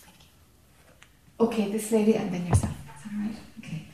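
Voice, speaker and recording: A woman speaking as a spiritual teacher to a group, calm, slow and encouraging. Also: mid-range voice, heavy background noise. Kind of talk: satsang dialogue. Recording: very echoey, distant in a hall.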